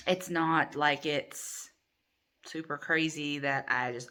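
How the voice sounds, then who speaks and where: A middle-aged woman runs a crochet channel and chats casually to the camera from her living room, rambling with lots of ums. Her voice sits low and moves slowly, with a bright, forceful tone.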